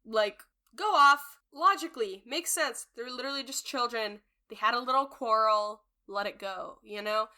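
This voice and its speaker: A woman's voice: on the high side, moderate pace, sharp tone. A young woman co-hosting a podcast, chatting casually about a TV episode in an emphatic, slangy way and laughing often. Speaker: podcast co-host. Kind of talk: casual chat recapping a TV episode.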